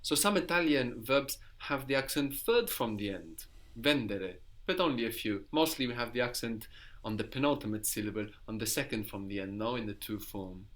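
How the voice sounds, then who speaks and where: A man teaching Italian, explaining slowly and repeating each word back. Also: mid-range voice, lively intonation, a bit bright. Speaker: Italian tutor. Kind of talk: language lesson over a call.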